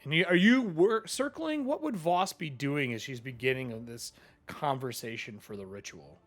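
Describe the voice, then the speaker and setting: A man narrating a tabletop role-playing game as game master, animated and rambling. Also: medium pitch, normal speed, faint music behind.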